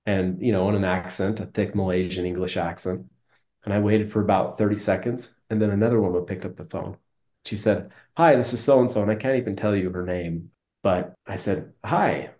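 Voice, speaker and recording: A man's voice: low voice, fairly even intonation, brisk, warm tone. A man in his thirties from Utah, a business guest telling his career story in an earnest, conversational way. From Utah, United States. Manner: earnest, conversational, frequent restarts. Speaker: interview guest, business executive. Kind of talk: reflective storytelling.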